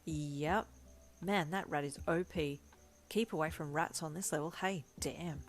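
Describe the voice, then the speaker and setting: A woman's voice: low voice, measured pace. A woman voicing a casual passing traveller who comments offhandedly. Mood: amused.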